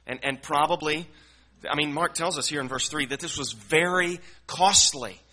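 A man's voice: on the high side, normal speed, sharp tone. A man teaching through a Bible passage verse by verse, earnest and explanatory, often repeating words as he works through a thought. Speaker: preacher.

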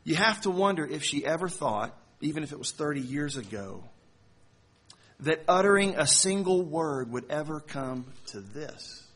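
A man delivering a sermon to a congregation, telling a story in a conversational way with slow, emphatic phrasing. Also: a little high, lively intonation, fairly bright tone, slightly rough. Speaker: pastor.

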